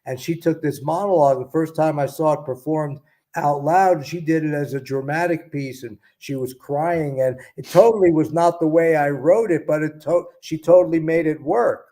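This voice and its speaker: A man who is an actor and author, answering interview questions in a measured, explanatory way. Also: a little high, dark tone.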